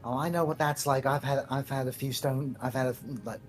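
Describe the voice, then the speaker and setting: A player speaking in character at a tabletop game, slow and dopey. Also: mid-range voice, fairly even intonation, soft background music.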